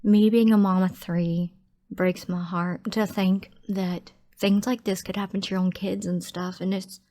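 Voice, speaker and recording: A woman, a true crime vlogger closing her video in an emotional, soft, heartfelt way. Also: medium pitch, little pitch movement, measured pace. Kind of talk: casual vlog outro.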